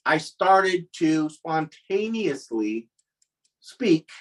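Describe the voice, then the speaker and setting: A man's voice: on the high side, sing-song, very slow, distant mic, low-quality recording. A man telling a comic personal story at a live storytelling event, wry and self-mocking.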